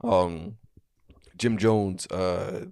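This young man talks in a low voice, recounting a story casually on a podcast. He circles back, stumbles and fills gaps as he goes. The recording is dry and close. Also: fairly even intonation, very slow, a little mellow, smooth, no room sound. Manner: rambling, many fillers and restarts. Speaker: podcast co-host.

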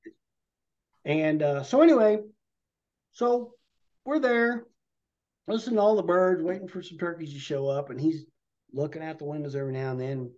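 A podcast guest tells a long, rambling hunting story in a casual way, full of vivid detail. His voice is on the high side and a little mellow, moving at normal speed with frequent pauses. The podcast audio sounds dull and lo-fi.

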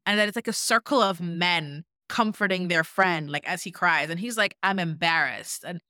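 Bright-voiced young woman recapping gossip. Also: fairly low pitch, moderate pace, no room sound, studio quality. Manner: animated storytelling, acting out quotes with lots of "like". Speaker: podcast co-host. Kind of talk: casual chat recapping a reality show.

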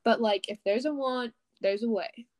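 Young female co-host, slightly high voice, emphatic, slangy. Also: darkish tone, no room sound, studio quality. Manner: emphatic, slang-heavy, slows down to stress points. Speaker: podcast co-host. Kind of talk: casual chat.

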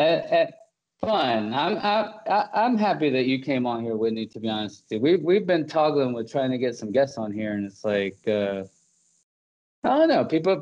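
A man's voice: mid-range voice, a little mellow, lo-fi sound. A man hosting a podcast in casual chat, rambling, laughing often and full of fillers and restarts. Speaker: podcast host.

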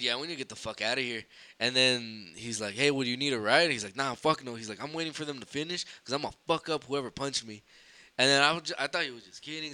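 Young man, bright voice, lively swearing storyteller who drops in Spanish. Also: mid-range voice. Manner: animated, swears freely, mixes in Spanish phrases. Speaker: podcast guest storyteller. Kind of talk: casual storytelling chat.

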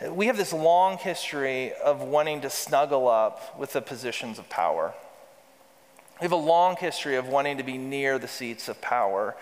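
A man preaching a sermon as pastor, reading scripture aloud with emphasis and calling the congregation to repeat lines back. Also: medium pitch. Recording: reverberant hall.

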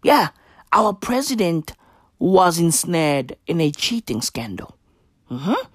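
Sweary ranter, slow and dry. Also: mid-range voice, sing-song, breathy edge, no echo. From South Africa. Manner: sweary, slangy, bursts into shouted questions. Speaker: vlogger. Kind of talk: profane comedic rant.

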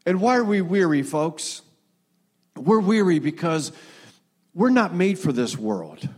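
A man's voice: high voice, big pitch swings, measured pace, a little mellow, husky. A middle-aged man preaching a sermon in an earnest, folksy way, repeating words and using many fillers. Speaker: pastor.

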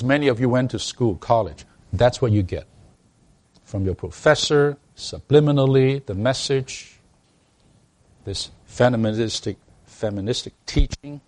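This is a man preaching a sermon in an even, middle-pitched voice. He speaks emphatically and stumbles into repeated restarts. He keeps turning to the congregation with rhetorical questions. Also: measured pace, long pauses. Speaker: pastor.

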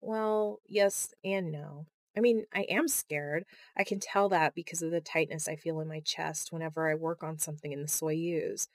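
A woman's voice: sits low, steady tone, moderate pace, few pauses. A woman reading the part of a shy, anxious young woman astronaut who speaks hesitantly, in an audiobook. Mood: earnest. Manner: hesitant, nervous.

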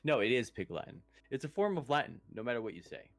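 A man's voice: medium pitch, very animated, quick pace, soft background music. A young man with a slight lisp co-hosting a podcast, rambling in crass, self-deprecating banter. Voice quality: slight lisp without retainers. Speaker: podcast co-host. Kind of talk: casual podcast chat.

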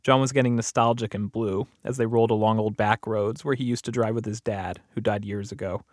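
A man hosting the program, calmly narrating a scripted account and interviewing a caller. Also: fairly low pitch, a little fast, dry recording, studio quality. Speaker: host and narrator.

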